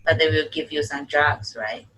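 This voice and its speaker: A woman who is a PhD student, speaking English as a with a first tongue in a casual podcast chat, halting and laughing often. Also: low-pitched, steady tone, a bit bright, poor audio.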